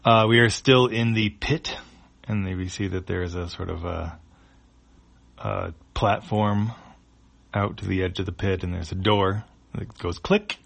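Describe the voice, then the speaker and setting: Low gravelly man describing comic panels. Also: fairly even intonation, unhurried, fairly bright tone. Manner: describes panels with fillers and restarts. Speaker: comic reader. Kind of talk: casual reading of a web comic.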